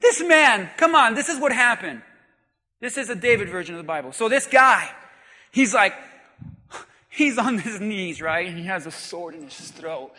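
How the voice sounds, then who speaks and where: A man preaches in an emphatic sermon style, often shouting and calling on the congregation to answer. His voice is high and piercing, and he delivers it slowly. The sound rings through a large reverberant hall. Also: lively intonation. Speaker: pastor.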